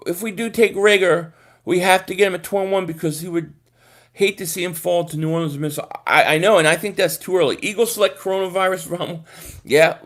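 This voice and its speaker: A young man hosting a casual live stream, reading comments and rambling excitably about football with lots of repeated words. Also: high voice.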